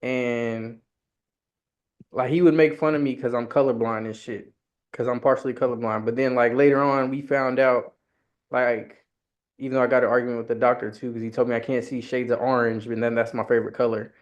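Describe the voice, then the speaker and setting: A man's voice: medium pitch, fairly even intonation, a little fast. A man from New York co-hosting a podcast, telling profane stories and imitating his friends' voices. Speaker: podcast co-host. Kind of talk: casual chat. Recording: dull lo-fi sound.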